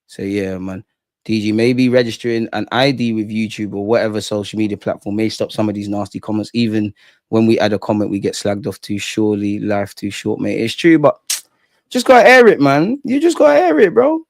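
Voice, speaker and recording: A man's voice: fairly low pitch, flat delivery, brisk, a little mellow, no room sound, studio quality. A young man with a London accent, hosting a casual live chat with slang and reading out viewer comments. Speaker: livestream host.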